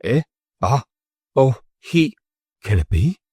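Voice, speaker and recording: A man reading an audiobook and voicing a stubborn, excitable old sea captain who talks in gruff, blustering bursts. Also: deep voice, brisk, no room sound, studio quality. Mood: startled.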